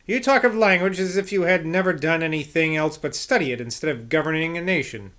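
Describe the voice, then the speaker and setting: A man reading the lines of a blunt, forceful old male scholar in an audiobook, with emphatic, sardonic delivery. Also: a little high, a little fast, close to an everyday voice. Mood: dry.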